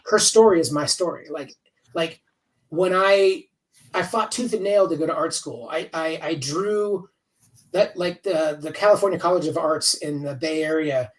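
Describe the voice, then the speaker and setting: This rough, distant recording captures a comics writer in his fifties being interviewed over a video call. At a moderate pace and fairly high pitch, he chats casually, candid and rambling, with plenty of swearing.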